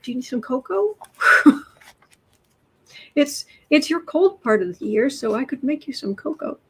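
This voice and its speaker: A woman's voice: sits high, very animated, measured pace, husky, poor audio. A woman hosting a tarot livestream in a casual, rambling way, greeting viewers from the chat and chatting as she goes. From United States.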